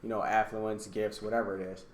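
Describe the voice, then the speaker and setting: Male guest, relaxed and agreeable, mostly short replies with some longer thoughts; recorded in a reverberant room. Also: on the low side, brisk. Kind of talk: casual chat. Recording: echoey room.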